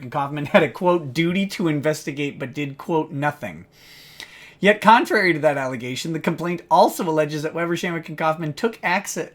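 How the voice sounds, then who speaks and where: Sardonic man reading a legal filing. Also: fairly high pitch. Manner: sardonic, mocking asides between read-out passages; laughs often while reading. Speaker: lawyer live-streamer. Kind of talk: live-stream commentary reading a legal motion aloud.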